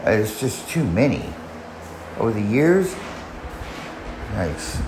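Lower-pitched man telling a rambling story. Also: sing-song, slow pace, roomy sound, background noise. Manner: rambling, frequent restarts and profanity. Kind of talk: casual personal storytelling.

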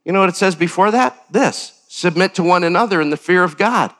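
An older man preaching a sermon as pastor, animated, with sudden jumps up in pitch and acted-out quotes. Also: brisk.

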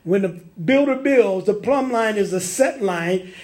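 A man's voice: high-pitched, lively intonation, unhurried, a little mellow. A man preaching a sermon, reading scripture emphatically and often restarting his sentences. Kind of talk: sermon recorded on tape.

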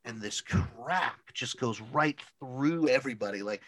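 A man's voice: mid-range voice, measured pace, fairly bright tone. A man co-hosting a casual podcast, telling a long story with lots of "like" fillers and frequent laughter. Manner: rambling storyteller, many "like" fillers, laughs often. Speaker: podcast co-host. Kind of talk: casual chat.

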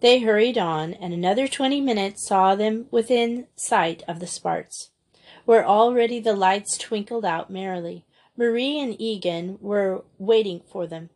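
A woman reading a storybook aloud in a measured, expressive way. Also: mid-range voice. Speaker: audiobook reader. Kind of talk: storybook narration.

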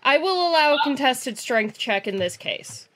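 A woman's voice: high-pitched, big pitch swings, normal speed, background noise. A woman running a tabletop game as game master, giggling and drawing out her rulings.

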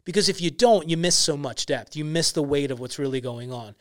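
A young man talks earnestly on a faith podcast, stressing his points and leaning on casual fillers. His voice sits a little high. The sound is dry and close to the mic. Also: brisk, dry recording. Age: young adult. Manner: earnest, emphatic storytelling with many "like" fillers. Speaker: podcast guest, ministry founder.

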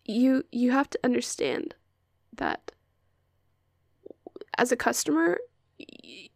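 A woman's voice: high-pitched, creaky, darkish tone, dry recording, studio quality. Profane young woman ranting into a mic. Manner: profane, sarcastic, drifts into whispers. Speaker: podcast host. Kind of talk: casual ranting monologue. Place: hot bedroom at home. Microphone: close-up microphone.

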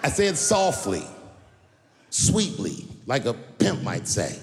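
A man performing a stand-up comedy routine, telling stories with loud acted-out voices at a large live venue. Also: medium pitch, wildly swooping pitch, takes it slowly. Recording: roomy hall with audience noise.

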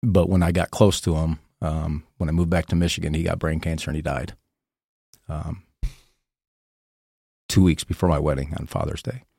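Deep gravelly man telling his story. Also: steady tone, warm tone, dry recording, clean studio sound. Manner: halting, repeats words, emotional. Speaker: podcast guest. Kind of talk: candid personal storytelling.

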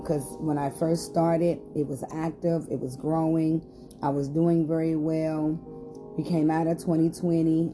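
Hosting a short podcast Bible study, a woman pastor with a deep voice reads scripture aloud, building emphasis as she goes and occasionally hesitating with fillers.

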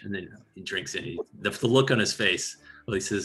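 A man with a low-set, bright, forceful voice hosts a podcast. He chats casually and keeps stopping to retell scenes. Faint music plays underneath. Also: brisk, hardly any pauses. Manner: retells scenes and quotes lines. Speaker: podcast host. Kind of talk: casual movie discussion.

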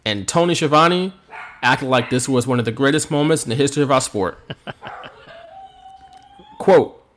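A man co-hosting a podcast, recapping a wrestling event in an animated storytelling way with frequent laughs. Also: medium pitch, moderate pace, a little hiss or hum. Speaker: podcast co-host.

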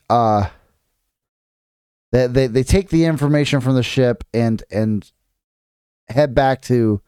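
A man's voice: a little high, darkish tone, smooth, no echo, clean studio sound. Chatty man recapping a book. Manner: rambling, many restarts and fillers, reads passages aloud. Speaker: podcast co-host. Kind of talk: casual chat recapping a book.

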